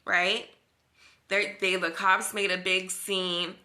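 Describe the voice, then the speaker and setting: Give me a young woman with a bright, sharp tone, slowly telling a personal story. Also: lowish voice. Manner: animated retelling, acts out dialogue, filler-heavy.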